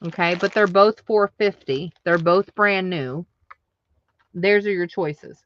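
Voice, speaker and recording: A woman's voice: fairly low pitch, slow, highs cut off, a little hiss or hum. A woman hosting a live online craft sale, chatting casually and answering viewer comments aloud. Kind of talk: casual live-selling chat.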